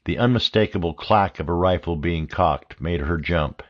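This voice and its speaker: A man narrating an audiobook thriller in a steady, measured reading. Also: low voice, highs cut off. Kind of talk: scripted narration.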